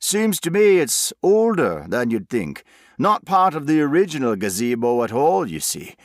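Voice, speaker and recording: A grizzled old workman with a thick English country accent, as a male narrator puts him on, loud and blunt, cursing freely. The voice sits well above the narrator's own and booms out. It is a dry, close storybook reading. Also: sing-song, normal speed, no echo. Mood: gruff. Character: old gruff rural English laborer, man.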